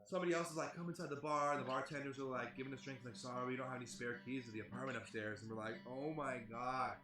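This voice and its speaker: A man's voice: mid-range voice, steady tone, rapid-fire, echoey room, over music. A man telling a rambling, profane story in casual chat, with a lot of "like". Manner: rambling, heavy swearing, lots of "like". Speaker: band member telling a tour story.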